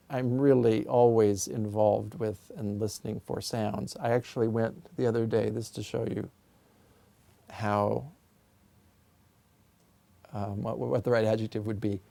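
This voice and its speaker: Interviewee: a man with a gravelly voice in a dry office, an unhurried composer who explains his ideas thoughtfully. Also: medium pitch, dark tone, dry recording. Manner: thoughtful, musing, explains with sung sound examples. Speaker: composer and music theorist being interviewed.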